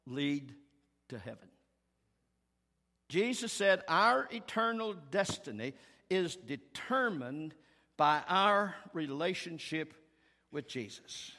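A man preaching a sermon as pastor, earnest and emphatic, rising to strong peaks and falling to hushed tones. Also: a little high, animated, measured pace. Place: church sanctuary. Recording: long reverb of a large hall.

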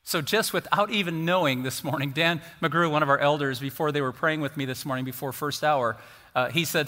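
A man's voice: fairly high pitch, normal speed, big-room sound. A man in his fifties preaching a sermon to his church, telling fond stories with playful asides. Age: 50s. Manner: animated storytelling with playful asides. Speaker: pastor. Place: church sanctuary.

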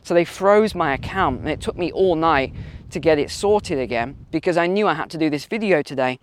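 A man telling stories in a chatty, animated way while vlogging outdoors on a windy walk. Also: fairly high pitch, fairly quick. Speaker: finance vlogger. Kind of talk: casual walk-and-talk vlog.

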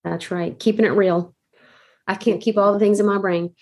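A woman co-hosting a podcast in casual chat, relaxed and agreeable, with many affirming fillers. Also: mid-range voice, normal speed. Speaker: podcast co-host.

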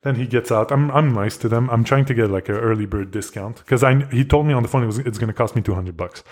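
A man's voice: medium pitch, fast talker, a little mellow. A young man from Canada hosting a podcast, telling a travel story in a loose, rambling way, with lots of swearing, fillers and restarts. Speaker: podcast host. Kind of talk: casual solo storytelling.

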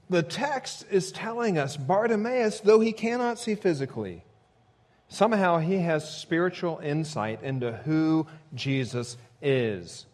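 A man preaching a sermon in a lively, sing-song voice that swings widely in pitch. His voice sits a little higher than most men's. He moves through the text verse by verse and climbs steeply when he voices a quoted shout. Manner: expressive preaching, voice rising sharply for quoted shouts. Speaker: pastor.

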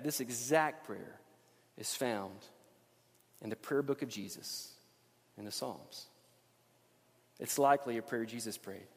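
A man in his thirties preaching a sermon as pastor, swinging between loud rising emphasis and quiet, low intensity. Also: big-room sound.

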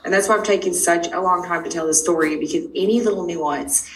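A middle-aged woman, a guest, telling her own story quickly and emphatically, acting out the dialogue she quotes. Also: on the low side. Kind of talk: animated personal storytelling. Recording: distant mic with faint noise.

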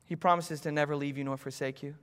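A young man preaching a sermon, telling a personal story and swinging between loud urgency and hushed intimacy. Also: a little high, fairly even intonation, fast talker, smooth. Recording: hall reverb.

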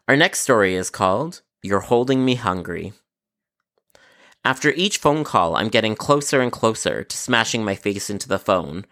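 Sarcastic man telling call-center stories. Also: medium pitch. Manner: sarcastic, exasperated, deadpan asides. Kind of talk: scripted storytelling narration.

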